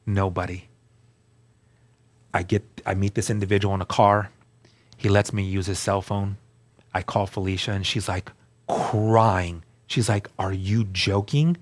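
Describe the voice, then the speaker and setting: A man's voice: low-pitched, little pitch movement, measured pace, long pauses. A man recounting his personal testimony in an interview, telling the story earnestly and acting out the dialogue he quotes. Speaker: guest sharing testimony.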